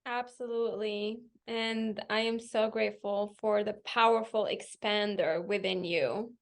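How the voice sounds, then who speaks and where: A woman guest on a podcast, chatting casually, warm and affirming, laughing often. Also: medium pitch, steady tone, unhurried, gravelly. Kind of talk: casual chat.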